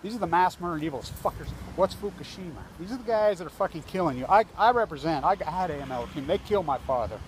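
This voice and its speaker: An angry man rants into his phone outside, swearing constantly and hammering the same points. His voice sits fairly high for a man, with faint hiss behind it. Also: animated, quick pace, hardly any pauses. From United States. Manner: angry, profane, repetitive ranting. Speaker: protester. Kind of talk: ranting outdoor vlog. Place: outdoors by a building entrance.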